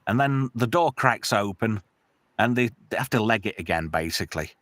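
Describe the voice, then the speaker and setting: A man hosting a casual movie podcast, lively and quick to laugh. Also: fairly low pitch, no room sound. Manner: animated, laughs often, does mock voices of characters. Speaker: podcast host.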